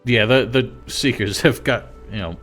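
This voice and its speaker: A man's voice: mid-range voice, measured pace, a bit bright, faint music behind. A man streaming a video game live, musing aloud in a chatty way and filling his talk with "like". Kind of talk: casual live-stream commentary.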